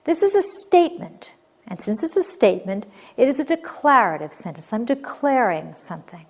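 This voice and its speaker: A woman teaching a recorded grammar lesson, reading example sentences clearly and expressively, then explaining them. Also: a little high, big pitch swings, moderate pace.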